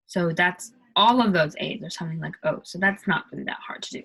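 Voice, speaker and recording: A woman's voice: fairly low pitch, a little fast, creaky, hardly any pauses, bright, forceful tone, breathy edge, poor audio. An American woman casually explaining pronunciation in a tutorial, with lots of "like" fillers. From United States. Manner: chatty, heavy use of "like" fillers. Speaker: accent tutorial vlogger.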